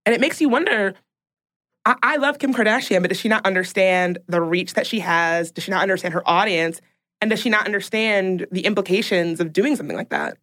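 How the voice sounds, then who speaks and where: A woman's voice: mid-range voice, expressive, a little fast, a bit bright. A woman co-hosting a podcast in casual chat, reading out facts and growing emphatic and indignant. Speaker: podcast co-host.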